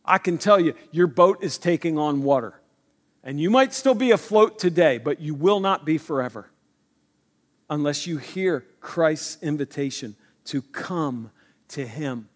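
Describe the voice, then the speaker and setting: A man preaching a sermon in an earnest, conversational way that builds to emphatic points. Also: a little high.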